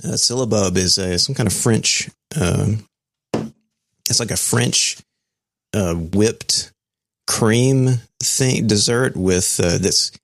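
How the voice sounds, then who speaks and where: A man's voice: on the low side, slow pace, vocal fry. A man co-hosting a podcast in casual chat, laid-back and rambling, from Alabama. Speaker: podcast co-host.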